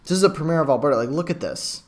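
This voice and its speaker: A young man reacting to news clips from his home computer, talking in a rambling, excitable way full of likes and you knows. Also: fairly high pitch, racing. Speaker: reaction video host. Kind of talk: casual reaction commentary. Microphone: webcam.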